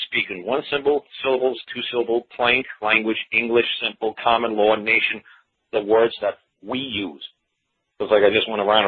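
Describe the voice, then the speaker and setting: Guy ranting on a call-in show, husky voice, phone line sound, keeps repeating himself. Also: medium pitch. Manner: rambling, emphatic, repeats phrases, mimics others. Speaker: talk show guest explaining common law. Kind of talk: casual phone-in radio talk.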